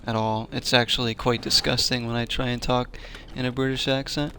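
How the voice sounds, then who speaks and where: A man's voice: mid-range voice, flat delivery, brisk, pushed and bright, slight background noise. Chatty man commentating a game. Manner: chatty, joking, laughs often, talks to chat. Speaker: gaming channel host. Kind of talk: casual let's-play commentary.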